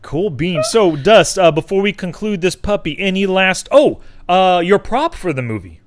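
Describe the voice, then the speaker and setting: Male podcast co-host, high voice, wisecracking and casual. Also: sing-song, no room sound. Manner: joking, quick quips. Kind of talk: casual movie podcast chat.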